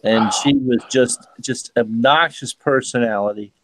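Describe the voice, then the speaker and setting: A man in his fifties chatting casually with blunt, fast-paced banter. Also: medium pitch. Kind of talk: casual chat.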